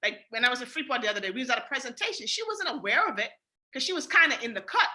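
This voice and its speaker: Lively high-voiced Bahamian woman trainer. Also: rapid-fire. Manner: emphatic, repetitive, addresses listeners directly. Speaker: sales team trainer. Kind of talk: team training call.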